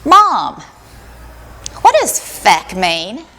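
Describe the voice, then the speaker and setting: A woman's voice: mid-range voice, wildly swooping pitch, drawn-out words, pushed and bright, heavily acted. A woman voicing her sweet, curious seven-year-old son while telling a story on stage. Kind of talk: live personal storytelling on stage.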